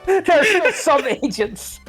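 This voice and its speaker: A man's voice: very high voice, sing-song, fairly bright tone, soft background music, voice pushed up, heavily acted. A man putting on a Jamaican-accented game agent. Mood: bossy. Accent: put-on Jamaican accent. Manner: halting, deliberate reading of game text. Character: male agent in a game, bossy and formal. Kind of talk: reading video game dialogue aloud.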